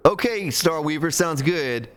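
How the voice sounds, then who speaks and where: A man live-streaming a game, chatting casually with his viewers while he works. He talks at an unhurried pace, and his pitch swings widely as he counts out loud and mutters at the game. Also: animated.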